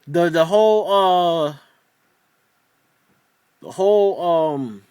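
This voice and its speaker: A man's voice: sits high, extremely slow, darkish tone, clear, resonant tone, no room sound, studio quality. A man ranting in a casual video review of a TV episode, exasperated and profane, rambling with many restarts.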